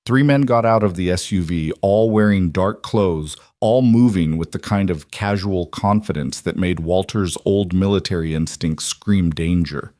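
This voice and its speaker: A man narrating a suspense story in a measured, scripted way. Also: low-pitched, a little mellow, no echo, clean studio sound.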